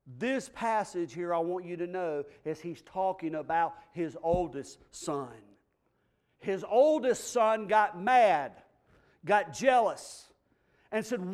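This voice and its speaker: A man preaching as pastor, emphatic, swinging from low, quiet asides to loud, stressed lines. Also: animated, slow. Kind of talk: sermon.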